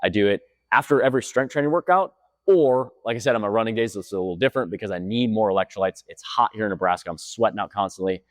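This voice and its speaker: A man's voice: on the low side, fast, no room sound, clean studio sound. A man who works as a fitness coach, talking casually to the camera with energy and repeating his points for emphasis. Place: gym.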